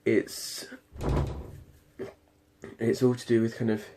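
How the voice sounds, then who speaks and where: Against a noisy background, a British late-teen performing arts student talks slowly about practicing his singing for a casual video diary. His medium-pitched voice is completely flat, and his talk is rambling and hesitant with many ums and restarts.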